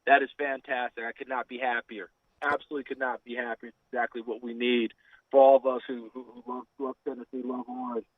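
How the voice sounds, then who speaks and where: A man's voice: medium pitch, flat delivery, quick pace, no room sound. Man calling a radio show, heartfelt, emphatic, tinny phone line, dry sound. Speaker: caller, former player. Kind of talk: radio call-in.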